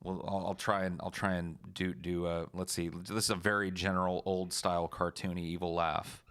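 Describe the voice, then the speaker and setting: A man's voice: low voice, flat delivery, moderate pace, a bit bright, smooth, no room sound, clean studio sound. A man hosting a casual late-night live stream, talking loosely and profanely with frequent restarts.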